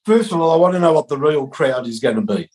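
A man's voice: on the high side, expressive, fast talker, darkish tone. A middle-aged Australian man co-hosting a casual comedic sports chat, telling rambling wry stories. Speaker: co-host.

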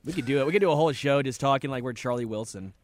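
A man co-hosting a sports talk radio show in a studio, trading quick opinions and teasing his partner. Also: mid-range voice, soft background music.

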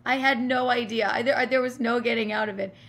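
A woman comedian, a guest on a podcast, telling a stage story in a casual, animated way with swearing and laughter. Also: on the high side, brisk, vocal fry.

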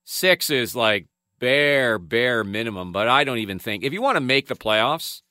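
A man hosts a sports talk show in a bright voice that swings up and down freely. He talks casually and laughs easily while he runs through poll results, recorded dry and close in a studio. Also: medium pitch, moderate pace, no room sound. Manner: lively, laughs often, reads poll results. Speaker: sports radio host.

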